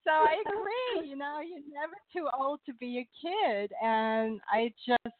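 A woman phoning in to a radio show, telling a story in a bubbly, animated way and laughing often. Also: high-pitched, unhurried, a crowd in the background. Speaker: caller. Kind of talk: excited phone-in storytelling. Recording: tinny phone line.

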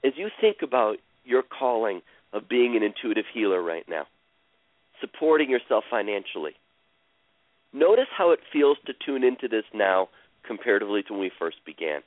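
A man guiding a caller through an emotional healing session, speaking slowly and soothingly and repeating phrases. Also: on the low side, big pitch swings, dry recording. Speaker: healer guiding a caller on a radio show. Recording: dry, tinny phone-like radio sound.

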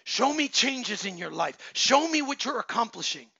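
Male pastor in his thirties, high gravelly voice, forceful preaching, dry lo-fi recording. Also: very animated, normal speed, no room sound. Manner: exhorting, swings from loud shouts to low murmurs. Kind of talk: sermon. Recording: dull lo-fi sound.

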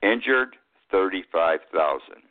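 A man's voice: deep voice, lively intonation, a little slow. A man in his eighties hosting a radio talk show, giving plainspoken, opinionated commentary. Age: 80s. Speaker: host. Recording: tinny phone-like line.

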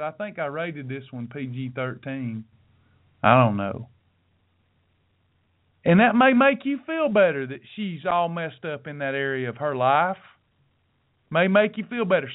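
A man's voice: fairly high pitch, big pitch swings, takes it slowly, long pauses. A middle-aged man hosting a podcast, talking in a folksy, sermon-like way and speaking straight to his listeners. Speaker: podcast host. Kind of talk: preachy motivational talk. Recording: tinny phone-like audio.

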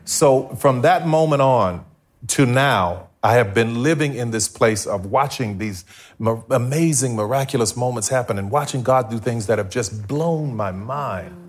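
A man speaks as a guest in front of a live audience, telling a personal testimony. He tells it with animation and acts out his own past dialogue. His voice sits at an ordinary pitch for a man. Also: a little slow.

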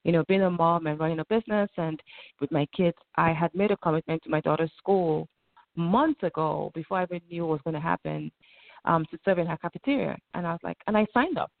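Guest woman, gravelly, reflective, heard over a thin phone-like line, dry. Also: lowish voice, a little fast, no room sound. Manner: reflective, quotes her own inner talk. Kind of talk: conversational interview.

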